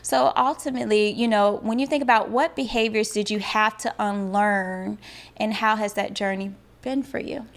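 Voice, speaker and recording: A woman's voice: medium pitch, steady tone, normal speed. A woman hosting a podcast interview, talking through ideas and affirming her guest often. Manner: affirming, frequent "mm-hmm" and "that's good". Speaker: podcast host. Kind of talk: conversational interview.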